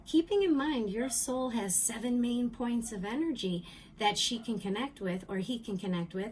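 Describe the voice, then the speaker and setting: Middle-aged woman teaching soul stuff, calm, repeats herself, says um a lot. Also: fairly high pitch, a little hiss or hum, rough recording. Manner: calm, repetitive explaining with ums. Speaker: spiritual teacher. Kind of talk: spiritual teaching talk.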